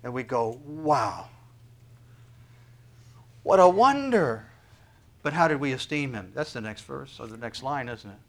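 A man preaching a sermon, talking to the congregation with rhetorical questions and swinging from loud emphasis to near whispers. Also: mid-range voice, a little fast, creaky, hardly any pauses. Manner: emphatic preaching with sudden loud peaks and quiet drops. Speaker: pastor.

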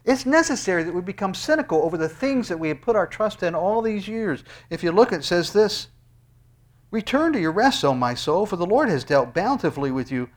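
Preaching pastor, male, higher register; dynamic delivery from loud peaks to hushed lows. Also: expressive, a little fast. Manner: swings between loud, high exclamations and hushed, low asides. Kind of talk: sermon with scripture reading and closing prayer.

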